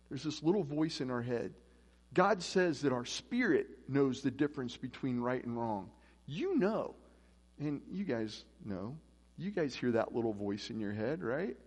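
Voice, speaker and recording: A man with a mid-range, darkish, slightly rough voice preaches as pastor in a church whose hall echoes. His sermon is casual and conversational, and he acts out the voices in his stories.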